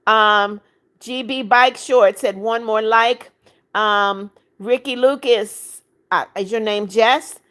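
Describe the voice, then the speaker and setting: A woman's voice: on the high side, steady tone, fairly bright tone. Chatty woman hosting a livestream. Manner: brisk, chatty, repeats greetings, pleads for likes. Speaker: livestream host reading viewer comments. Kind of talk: casual live chat.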